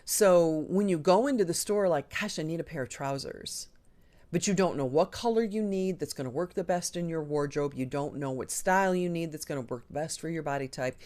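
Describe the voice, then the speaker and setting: A woman hosting a live online show, chatting casually and enthusiastically with frequent ums and a lively, swinging delivery. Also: sits low, brisk, hardly any pauses. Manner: chatty and enthusiastic, talks with her hands in the air of her voice, frequent ums. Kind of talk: casual live-stream chat.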